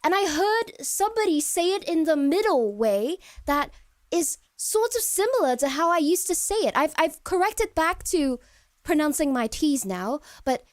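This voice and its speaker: A woman casually chatting to viewers on a live stream, wandering and hesitant with lots of fillers and restarts, often trailing into soft, low murmurs. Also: animated, moderate pace, no echo, studio quality.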